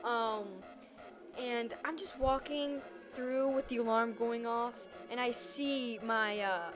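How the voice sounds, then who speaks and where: A teenage girl telling a personal story in a casual vlog, animated and dramatic, acting out her own reactions. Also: on the high side, slow pace, music in the background. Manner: animated, dramatic retelling with acted-out quotes.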